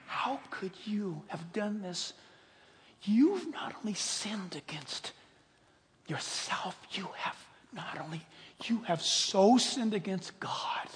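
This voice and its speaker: A man's voice: high-pitched, expressive, slow pace. A man voicing a condemning devil who hisses accusations in a whisper, echoing in a hall. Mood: hissing. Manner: hissing whisper building to shouted accusation.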